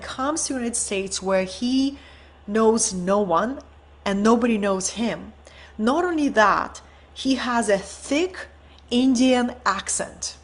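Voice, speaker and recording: Unhurried, higher-voiced woman teacher. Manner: earnest, inspirational, often checks in with rhetorical "right?". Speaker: host and teacher of an online event. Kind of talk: storytelling talk in an online teaching session.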